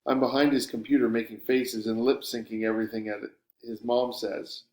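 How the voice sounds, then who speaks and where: A man narrating a first-person story with a sardonic, wry edge, at a middle pitch for a man. The recording has a clearly roomy echo around the voice. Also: level tone, normal speed, a little mellow. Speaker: audiobook narrator.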